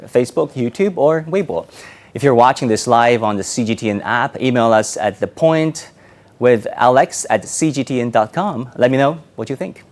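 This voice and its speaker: Guy hosting a live news stream, mid pitch, easy chat then crisp script reading. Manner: relaxed banter off air, crisp scripted delivery on air. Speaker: stand-in host.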